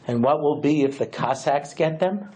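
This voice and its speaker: A man voicing a pious old rebbe who speaks low and solemnly in a husky voice. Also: normal speed, a little mellow. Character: weeping pious old rebbe, grave and calm.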